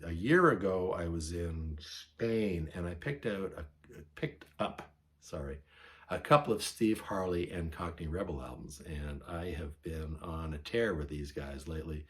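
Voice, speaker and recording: A man's voice: sits low, unhurried. A man vlogging casually about records he found, rambling and correcting himself as he goes, enthusiastic about his finds. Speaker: vinyl record collector vlogger. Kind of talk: casual show-and-tell vlog.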